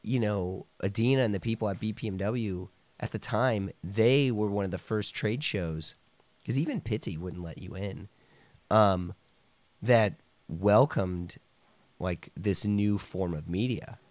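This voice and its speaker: Deep-voiced man telling a rambling story. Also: unhurried, darkish tone, no echo. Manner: rambling, full of "like" and "you know", acts out quoted voices. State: coughing now and then. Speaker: podcast guest. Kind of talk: casual storytelling.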